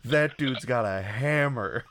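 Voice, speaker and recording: A man's voice: mid-range voice, slow pace, a bit bright. A man co-hosting a podcast, blunt and sarcastic, swearing often in crude chat. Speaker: podcast co-host. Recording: faint background noise.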